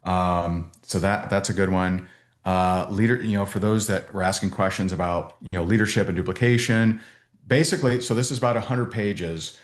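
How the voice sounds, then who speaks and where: A man's voice: low-pitched, normal speed. Man coaching on a roomy video call. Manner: animated storytelling with many restarts. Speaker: business coach.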